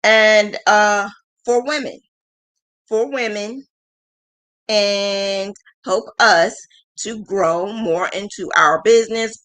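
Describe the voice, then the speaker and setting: She's in her thirties, hosting a casual livestream where she speaks openly, meanders, laughs often and jokes at her own expense. Her mid-range voice is slow and fairly bright.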